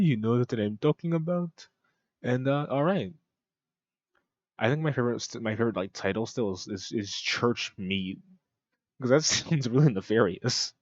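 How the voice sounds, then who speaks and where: A man's voice: on the low side, lively intonation, normal speed, dry recording, lo-fi sound. A man streaming a casual reaction commentary, rambling and joking with mock-French asides. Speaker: streamer reacting to a cooking video.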